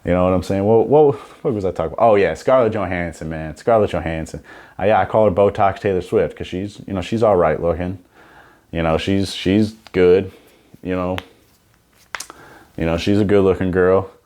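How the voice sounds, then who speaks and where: A man's voice: low voice, normal speed, darkish tone. A young man hosting a comedy podcast, rambling and profane in a casual monologue, full of "you know what I'm saying.".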